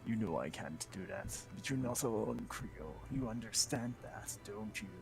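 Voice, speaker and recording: A man voicing a gentle, dying old grandfather warrior, speaking solemnly with a creaky voice. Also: fairly low pitch, expressive, music in the background, rough recording. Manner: slow, solemn farewell delivery. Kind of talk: fan voice acting over a game.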